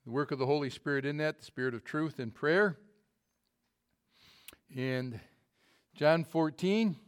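Smooth-voiced man preaching a folksy sermon. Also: mid-range voice. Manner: folksy, self-deprecating, halting restarts. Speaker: pastor. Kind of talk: sermon with humorous story.

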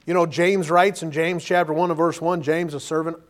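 A man's voice: a little high, a little fast. A man preaching a sermon, firing off rhetorical questions and reading scripture verses aloud. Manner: animated, rhetorical questions, reads King James verses aloud.

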